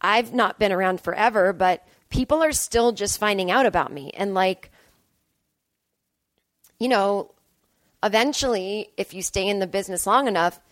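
A woman comedian hosts her podcast with a casual storytelling monologue, rambling through a self-deprecating tale and animatedly acting out her own lines. Her voice is mid-range and there's no echo.

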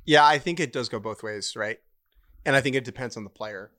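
Man, podcast co-host, casual, wry, mid pitch. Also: fairly bright tone. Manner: wry, quick jokes. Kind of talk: casual chat.

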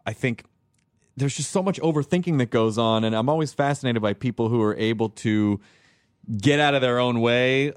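A man's voice: medium pitch, normal speed, smooth, no echo, studio quality. A man hosting a podcast in a casual chat, rambling and laid-back, laughing often and swearing freely. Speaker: podcast host.

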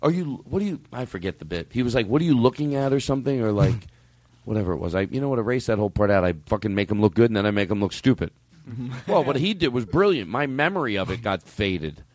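A man's voice: lowish voice, animated, quick pace, no echo. A man hosting a comedy podcast, telling rambling stories and laughing through them. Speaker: podcast host. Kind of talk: casual comedy podcast chat.

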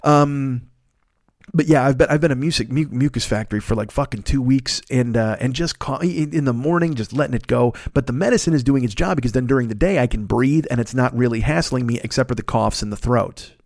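The host of his own podcast, a man in his 50s still phlegmy from a cold, riffs through a profane, rambling comic monologue. He's crude and animated, jumps into mocking voices, and speaks a little fast in a medium pitch, recorded clean in a studio with no room sound.

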